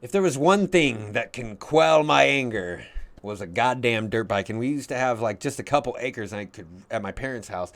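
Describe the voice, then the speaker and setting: A young adult man telling a long, rambling, profanity-heavy story in a casual way, getting loud when he acts out his own shouting. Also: medium pitch, expressive, normal speed.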